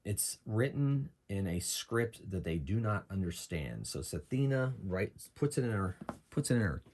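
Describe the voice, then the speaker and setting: A man's voice: on the low side, big pitch swings, measured pace, a little mellow, slight background noise. A man running and narrating his own solo tabletop game, chatting and thinking aloud about rules and dice rolls.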